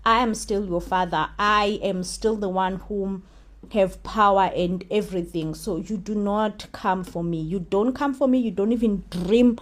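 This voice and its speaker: A woman, retelling a TV drama, puts on a domineering, big-egoed father with a South African accent. He taunts in repeated, scornful questions, his voice dropping quieter and colder than the storyteller's own. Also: mid-range voice, unhurried, natural voice. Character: arrogant aggressive man, a domineering father.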